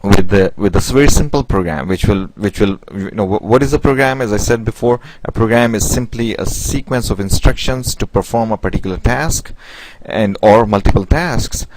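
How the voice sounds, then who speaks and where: A man's voice: lowish voice, background noise. A man teaching programming in a screen-recorded tutorial, explaining step by step with many fillers and restarts. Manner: halting, with many "basically" and "you know" fillers and restarts. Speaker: programming instructor.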